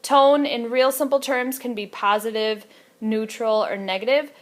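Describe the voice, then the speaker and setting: A woman's voice: fairly high pitch, fairly even intonation, measured pace. A young woman teacher explaining terms to students in a casual lecture, with many fillers. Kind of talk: recorded classroom lecture.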